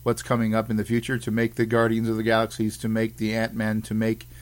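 A man's voice: fairly low pitch, completely flat delivery, quick pace. A man with a Boston accent hosting a podcast, chatting casually in a joking, rambling, self-mocking way. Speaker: podcast host.

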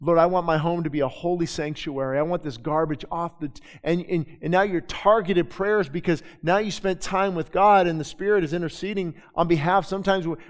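A male pastor preaching a sermon to his congregation, talking in a conversational way that swells into impassioned, urgent pleading. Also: high-pitched. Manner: impassioned, swings from quiet to loud; repeats words and restarts, conversational. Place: church sanctuary before a congregation. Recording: long reverb of a large hall.

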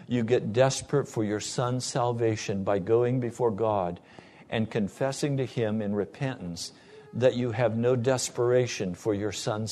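A man's voice: lowish voice, darkish tone. Male pastor preaching a radio sermon. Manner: earnest preaching, quoting conversations, rising to fervent emphasis.

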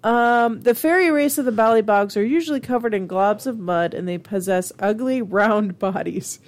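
A woman's voice: medium pitch, normal speed, darkish tone. A woman casually reading fairy lore aloud, giggling and riffing with swearing between passages. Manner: giggly, reads then riffs with swearing.

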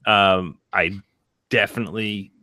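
A man's voice: on the low side, measured pace, no room sound. A man co-hosting a podcast, chatting casually and telling stories while acting out the voices of the people he quotes. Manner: animated storyteller who acts out quoted voices. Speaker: podcast co-host. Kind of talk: casual chat.

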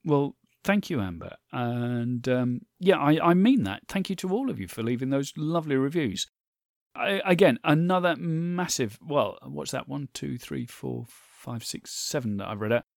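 A man hosts his podcast alone, talking in an earnest, grateful way and wandering into chatty asides. His voice is lively and goes up and down a lot. The sound is dry and close, with no room around it. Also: medium pitch, normal speed, vocal fry, no echo. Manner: earnest, thankful, reads listener reviews aloud; stumbles over names, chatty asides. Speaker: podcast host. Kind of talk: solo podcast monologue.

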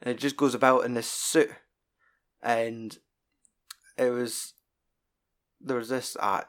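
Scottish man, podcast co-host, loose sweary film talk. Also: medium pitch. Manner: sweary, rambling and animated retelling. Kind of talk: casual film chat.

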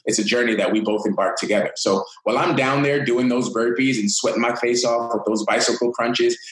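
A man's voice: mid-range voice, fairly even intonation, brisk, echoey room, poor audio. A man who works as a fitness coach, giving upbeat, motivational answers in an interview. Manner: upbeat, motivational, talks in long flowing runs. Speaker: fitness coach, podcast guest.

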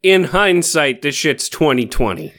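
A man's voice: fairly high pitch, expressive, a little slow, fairly bright tone. A man co-hosting a podcast, answering his partner with dry, wry interjections in casual chat. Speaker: podcast co-host.

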